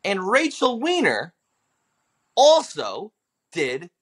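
A man in his thirties, a stand-up comedian telling stories in a casual interview, animated and slipping into quick character voices. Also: high-pitched, breathy edge. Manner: animated storyteller who slips into character voices for quotes.

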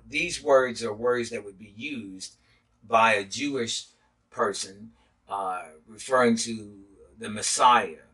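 A man, a pastor, teaching a sermon in a halting way with many filler sounds. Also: on the low side, pushed and bright, breathy edge, far from the mic, rough recording.

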